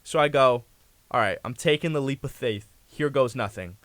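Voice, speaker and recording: A man's voice: mid-range voice, moderate pace, fairly bright tone, no room sound. Rambling young man telling a story. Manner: rambling anecdote full of fillers and restarts. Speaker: guest. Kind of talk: casual storytelling on a talk show.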